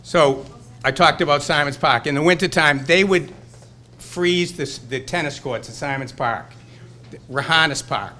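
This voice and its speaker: Older man with a Boston accent, bright and lively. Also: a little high, unhurried. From Burlington, Massachusetts. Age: 60s. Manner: rambling, nostalgic, fired-up storytelling. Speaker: hall of fame inductee. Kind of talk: acceptance speech. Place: banquet hall.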